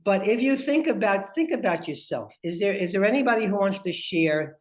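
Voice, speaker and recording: A man who works as a family advocate, presenting a webinar and telling stories in a lively way while speaking straight to his audience. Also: sits high, fairly quick.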